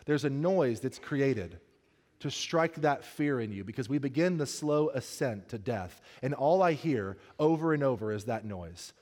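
A man as pastor, preaching a sermon, telling a funny story and then turning earnest and soft. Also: medium pitch, expressive, unhurried, big-room sound.

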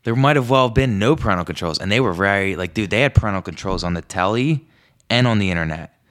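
A young man hosting a podcast, telling rambling comic stories, swearing often and jumping up in pitch when he quotes himself. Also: animated, fast, fairly bright tone. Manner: rambling, swears a lot, jumps high when quoting himself. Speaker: podcast host. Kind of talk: casual comedic storytelling monologue. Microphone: podcast microphone.

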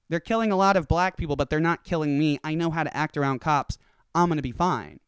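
A man's voice: on the high side, a little fast, smooth, no room sound, studio quality. A man in a casual ranting monologue, swearing freely and acting out the voices in his stories. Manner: profane, animated storytelling with acted-out quotes.

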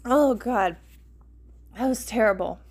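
A woman's voice: a little high, takes it slowly, darkish tone. A young woman hosting a comedic reading of fan fiction, rambling and wry, often stopping to comment. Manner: rambling, self-interrupting, wry. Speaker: host.

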